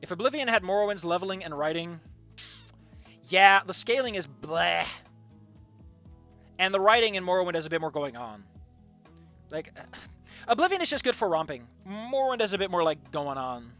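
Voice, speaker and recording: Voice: mid-range voice, sing-song, moderate pace, long pauses, a bit bright, faint music behind. A streamer giving casual gaming commentary, opinionated and ranting, often restarting mid-thought.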